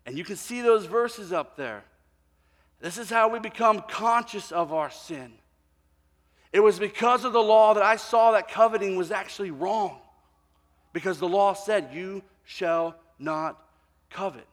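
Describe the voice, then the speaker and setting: A pastor delivers a sermon in a high, bright voice, drawing listeners in with stories where he plays every part. He drops to quiet moments and rises to near shouts. His voice rings through a big hall with a long reverb tail. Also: normal speed. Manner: animated storyteller, voicing people in his anecdotes, swinging from quiet to shouting. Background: congregation.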